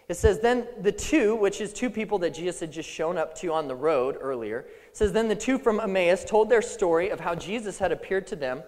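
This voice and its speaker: Man preaching a sermon, high-pitched, lively swings in pitch, playful, long hall reverb. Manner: animated, playful, acts out the disciples and Jesus.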